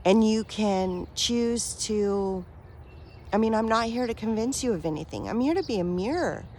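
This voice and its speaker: Woman spiritual vlogger talking slow n earnest, bit rambly, faint hiss behind. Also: mid-range voice. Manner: earnest, affectionate, rambling with fillers and soft laughs. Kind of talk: heartfelt direct-to-camera talk.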